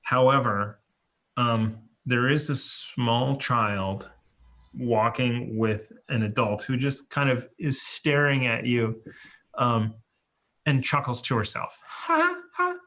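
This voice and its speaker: Male game master, bright voice, casual and halting. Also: mid-range voice, steady tone. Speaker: dungeon master. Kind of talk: running a tabletop game.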